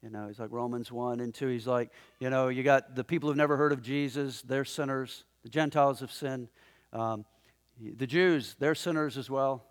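A man preaching a sermon in a conversational, animated way, often chuckling as he talks to the congregation in the room. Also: medium pitch, moderate pace. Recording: long hall reverb.

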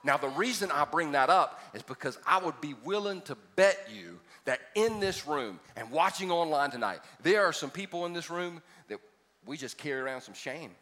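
A man's voice: on the high side, animated, moderate pace, a bit bright. A man preaching a sermon, folksy and joking, building to emphatic points. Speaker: pastor. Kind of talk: sermon with storytelling. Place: large church hall. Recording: reverberant church hall.

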